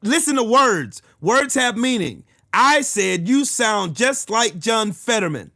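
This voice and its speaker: A man rants furiously at his live chat. His voice sits high, and he swears and shouts his way through every point. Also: big pitch swings, slow pace. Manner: furious, profane, shouting at commenters. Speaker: live-stream host. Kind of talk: angry political rant to live chat.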